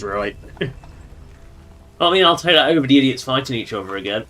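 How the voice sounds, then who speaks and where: A man's voice: mid-range voice, expressive, normal speed, long pauses, pushed and bright. A man giving casual, joking commentary while livestreaming a game and talking to its characters. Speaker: streamer.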